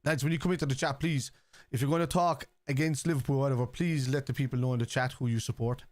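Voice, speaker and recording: A man's voice: mid-range voice, steady tone, quick pace, no room sound. A man with a Scouse accent, hosting a football watchalong live stream, reading viewers' chat aloud and answering it in a casual, chatty way.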